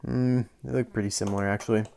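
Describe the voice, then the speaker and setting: A man's voice: lowish voice, fairly even intonation, fast, vocal fry, dark tone. A young man casually reviewing a collectible toy car, chatty and rambling, enthusiastic about small details.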